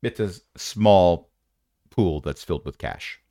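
A man's voice: low voice, a little slow, dark tone, no echo, studio quality. A man narrating as game master in a tabletop game, wry and rambling with playful jokes.

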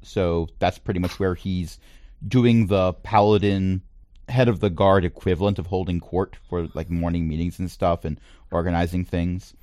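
Man game master, relaxed narration, lowish voice, dry sound. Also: normal speed, no room sound. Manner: relaxed narration, chuckles often.

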